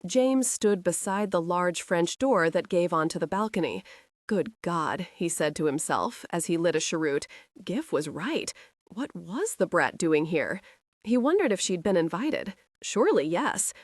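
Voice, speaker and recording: A woman narrating a romance audiobook in a measured storytelling manner. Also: lowish voice, big pitch swings, no room sound, clean studio sound.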